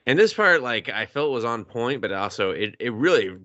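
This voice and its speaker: A man co-hosting a movie review podcast, retelling scenes in a loose, profane way and jumping into quick character voices. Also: medium pitch, big pitch swings, bright, forceful tone, no room sound, highs cut off. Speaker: podcast co-host. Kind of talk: casual movie review chat.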